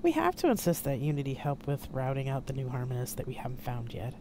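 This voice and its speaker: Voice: mid-range voice, huge pitch swings, fast, noisy background. A narrator voicing an insistent military aide in an audiobook reading. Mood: urgent.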